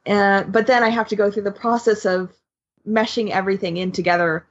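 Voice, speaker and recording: Husky-voiced woman on a dull line. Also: medium pitch, fairly even intonation, fairly quick. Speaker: podcast co-host. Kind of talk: casual podcast chat.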